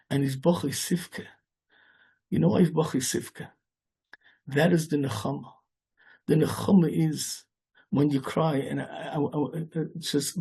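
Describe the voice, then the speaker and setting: A man, a rabbi, giving a sermon in a rambling, halting way, with many restarts and Hebrew and Yiddish words mixed in. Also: mid-range voice, gravelly, a little mellow, husky.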